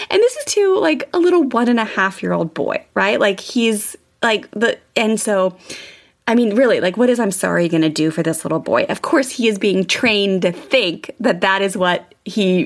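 A woman hosting a parenting podcast, talking in a chatty, animated way with lots of fillers. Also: medium pitch. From California, USA. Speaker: parenting podcast host and coach. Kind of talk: casual podcast monologue.

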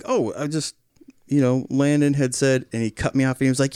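A man in his thirties chatting on a podcast, calmly recounting a confrontation and quoting the other man in a raised voice. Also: medium pitch, smooth, no room sound, clean studio sound. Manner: calm, measured, quotes others in raised voice. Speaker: podcast guest, father. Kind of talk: casual chat, storytelling.

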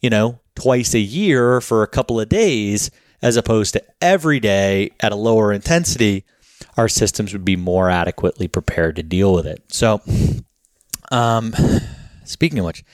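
Man, podcast host, casual rambling delivery, lots of filler words, slightly out of breath, lowish voice, dry close sound. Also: expressive, moderate pace, dry recording.

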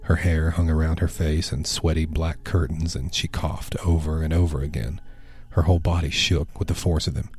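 A man narrating a first-person horror story in a hushed, measured way. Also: rumbling low, level tone, breathy edge.

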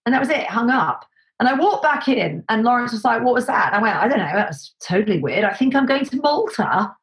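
Animated woman telling stories. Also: on the high side, brisk, low-quality recording. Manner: animated, acts out quoted voices, many fillers and restarts. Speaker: guest, set decorator. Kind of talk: casual anecdotal storytelling.

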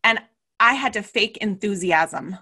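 Lively woman mentor telling her story. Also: mid-range voice, unhurried, slightly rough. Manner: animated storyteller, acts out quoted voices. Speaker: business mentor guest. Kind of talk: casual interview chat.

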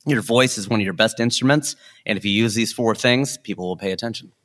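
Animated comedian man as guest. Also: fast talker. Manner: animated, plays with pitch and loudness for effect. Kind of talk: casual interview talk.

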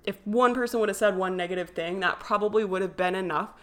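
A woman's voice: medium pitch, fast, fairly bright tone. A young woman hosting a podcast, talking in an earnest, encouraging way, chatty and full of fillers. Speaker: podcast host. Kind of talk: casual motivational monologue.

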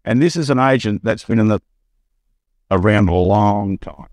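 A middle-aged Australian man, a buyer's agent, telling an animated anecdote on a podcast and acting out the quotes. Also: moderate pace, no echo, studio quality. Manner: storytelling, acts out quotes with rising pitch.

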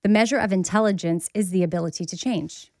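A woman's voice: on the low side, fast, no echo. Chatty woman cohost, laughs a lot, dry close mic. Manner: chatty, animated, laughs often. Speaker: podcast co-host. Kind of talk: casual chat.

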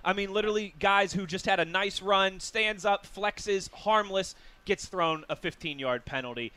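Bright-voiced male sports radio host. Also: sits high, normal speed, smooth. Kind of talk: casual sports radio chat.

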